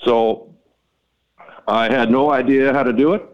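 A man guest on a fishing podcast, telling a story in an animated, exasperated way and acting out both sides of a conversation. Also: a little slow, highs cut off. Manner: animated, exasperated, reenacts dialogue with rising pitch. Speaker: podcast guest, mapping company founder. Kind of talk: storytelling interview talk.

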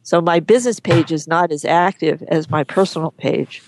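Woman guest, frank and chatty, lowish voice, dry close sound. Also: normal speed, a little mellow, no echo. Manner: chatty, frank, with hesitant restarts. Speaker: guest, horse photographer. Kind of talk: casual interview chat.

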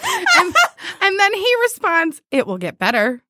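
A woman's voice: extremely high pitch, unhurried, dry recording, studio quality. A woman hosting a casual chat, reading out dating-app messages with lots of giggling. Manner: giggly, animated storytelling. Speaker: podcast host.

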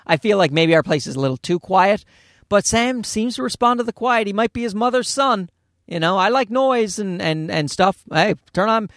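A man's voice: sits high, lively intonation, moderate pace, fairly bright tone, no room sound, studio quality. A man hosting a casual solo podcast, rambling from thought to thought, swearing freely and poking fun at himself. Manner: rambling, profane, self-deprecating. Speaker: podcast host and comedian.

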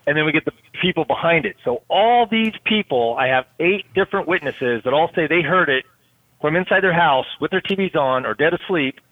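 Man, police K-9 handler, steady detailed explainer, thin phone-line sound, dry. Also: on the high side, brisk, dry recording. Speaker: SWAT canine handler. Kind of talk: casual podcast chat.

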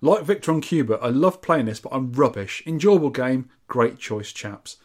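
A man co-hosts a casual podcast. His pitch sits in an ordinary middle range. He reads out listener scores with a playful, teasing manner. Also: lively intonation, normal speed. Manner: jokey, banter-filled. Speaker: podcast co-host.

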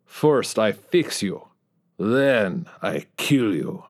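Man doing slow menacing old Russian spy. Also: fairly low pitch, sing-song, exaggerated voice. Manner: slow, heavy, clipped broken English.

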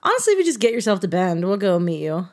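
A woman's voice: medium pitch, fast. A young woman co-hosting a podcast in casual chat, teasing and laughing as she talks. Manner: teasing, animated, laughs mid-sentence. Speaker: podcast co-host.

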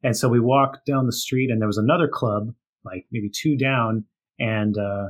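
Husky-voiced man telling stories. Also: medium pitch, fairly even intonation, normal speed. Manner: storytelling, laughs often, many fillers. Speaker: author and guest. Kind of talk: casual chat.

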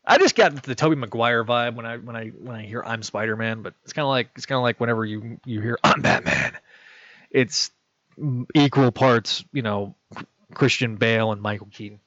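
A man's voice: mid-range voice, fairly quick, fairly bright tone, dry recording. A man casually recapping a story and rambling with fillers. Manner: rambling with fillers, acting out lines. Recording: dull lo-fi dry recording.

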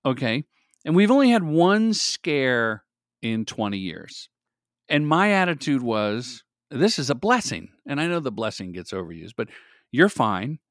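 A middle-aged man, a guest in a casual interview, telling stories in an energetic, animated way. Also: mid-range voice, a little slow, dry recording, studio quality. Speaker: guest, commercial director.

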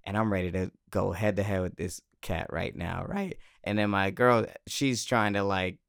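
Man, gravelly low voice, smooth and resonant, dry close sound, animated casual storytelling. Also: moderate pace, dry recording. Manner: animated, swearing, laughs often. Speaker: guest telling a story.

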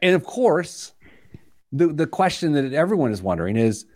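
A man hosting a radio money show, telling stories in a lively, self-deprecating way. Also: on the high side, moderate pace, no echo. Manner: animated, self-deprecating storyteller. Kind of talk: casual chat, storytelling.

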